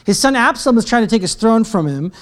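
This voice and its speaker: A man preaching a sermon to a church congregation, energetic and joking, breaking into shouted praise. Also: high-pitched, fast talker. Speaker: pastor. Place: church sanctuary.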